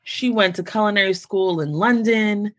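A young adult American woman hosting a podcast, talking casually and telling stories in an animated way. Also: medium pitch, moderate pace. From United States. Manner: animated storytelling, quotes relatives in lively voices. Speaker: podcast host. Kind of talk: casual conversation.

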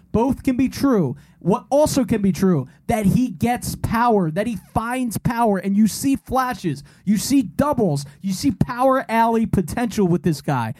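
A man's voice: sits high, darkish tone. A man co-hosting a casual sports podcast, arguing his point hard, interrupting and restarting his sentences. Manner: argumentative, interrupts, stammers on restarts. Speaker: podcast co-host.

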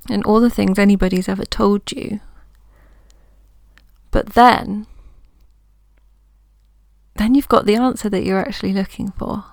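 Unhurried woman with a gravelly edge. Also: medium pitch, fairly even intonation, dry recording, clean studio sound. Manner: gentle, reassuring, thinking aloud. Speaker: coach and podcast host. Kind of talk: reflective solo podcast talk.

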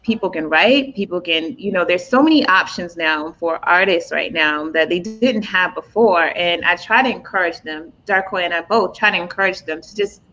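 A woman's voice: lowish voice, normal speed, hardly any pauses, pushed and bright, soft background music. A woman hosting a casual interview, asking long, thoughtful questions with many fillers. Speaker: interview host. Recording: dull lo-fi audio.

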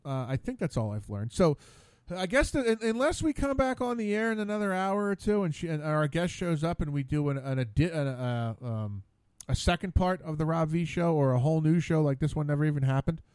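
A man's voice: a little high, expressive, brisk, few pauses, darkish tone, clear, resonant tone, no echo. Stammering, exasperated male radio host. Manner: stammering, repeating words, exasperated. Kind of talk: casual rambling monologue. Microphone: studio mic.

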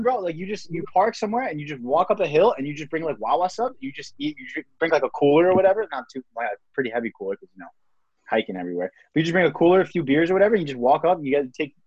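A man's voice: fairly high pitch, big pitch swings, fast, a little mellow, husky, no room sound, dull audio. A young man hosting a podcast in casual chat, rambling with lots of filler words. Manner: rambling, lots of "like" and "you know what I mean". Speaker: podcast host.

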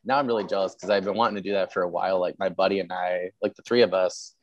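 A man hosting a casual podcast chat, rambling and filling pauses with quick agreement. His voice is very deep. He talks at a rapid clip. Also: fairly even intonation, dull audio. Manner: rapid, repeats "yeah", rambling. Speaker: podcast host.

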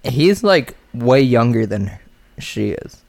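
A man's voice: mid-range voice, sing-song, slow, vocal fry, a little mellow. A man in casual podcast chat who laughs easily and gives blunt opinions. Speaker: podcast co-host.

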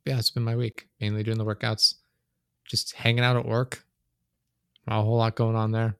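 A man's voice: on the low side, monotone, a little fast, smooth, dry recording, clean studio sound. A young man chatting casually on his podcast, rambling and filling his talk with "like" and curse words. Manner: rambling, heavy use of "like", swearing. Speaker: podcast host. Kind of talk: casual chat. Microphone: desk microphone.

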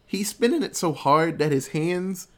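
A man in casual podcast chat, retelling movie scenes with swearing, laughs and quick voices for the characters. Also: fairly high pitch, animated. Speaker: podcast co-host.

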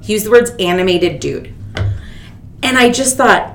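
A woman in her thirties hosting a podcast, telling a story in casual chat and acting out the people she quotes. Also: moderate pace. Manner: animated, quotes people with big pitch jumps. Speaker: podcast host. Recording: echoey room with faint rumble.

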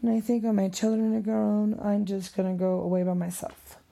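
Gravelly, emotional middle-aged woman. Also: mid-range voice, steady tone, moderate pace, warm tone. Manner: rambling, emotional, drops into whispers. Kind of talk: emotional vlog monologue.

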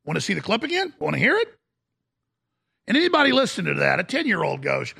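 Guy ranting on talk radio, real gravelly raspy voice, sharp and high-ish, mad and mocking. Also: wildly swooping pitch, fast, long pauses. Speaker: radio host.

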